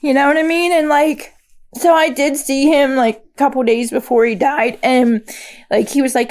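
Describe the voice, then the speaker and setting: Podcast guest, woman, pitched a little high, halting and candid as she recounts her past. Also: darkish tone. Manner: halting, many fillers and restarts. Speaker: guest sharing recovery story. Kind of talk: candid personal storytelling.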